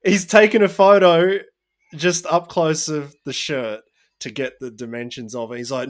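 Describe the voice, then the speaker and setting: A man's voice: mid-range voice, moderate pace. Man telling a story on a podcast. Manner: storytelling, animated when quoting others. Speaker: podcast co-host. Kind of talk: casual podcast chat.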